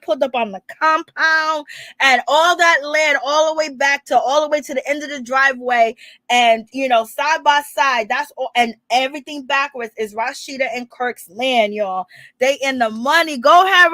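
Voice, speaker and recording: High, bright-voiced woman dishing gossip. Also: dry recording, studio quality. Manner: animated, slangy storytelling with frequent laughter. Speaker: reality TV recap vlogger. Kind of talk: casual gossip recap.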